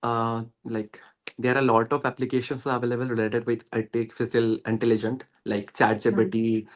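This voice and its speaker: A man's voice: mid-range voice, flat delivery, normal speed. Earnest man from West Bengal with an Indian accent. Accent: Indian English. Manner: earnest, explanatory, with hesitations and fillers. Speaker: guest. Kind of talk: casual conversation.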